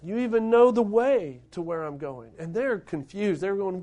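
A man's voice: high voice, expressive, normal speed, few pauses. A middle-aged man, preaching a sermon to his congregation, building up to emphatic points and putting questions to them. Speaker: pastor.

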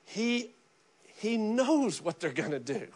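A middle-aged man preaching with a high, light voice. He talks in a loose, conversational style, restarting phrases and dropping into little acted quotes as he goes. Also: big pitch swings, slow pace, a little mellow. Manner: repeats words and restarts often. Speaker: pastor. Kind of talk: sermon.

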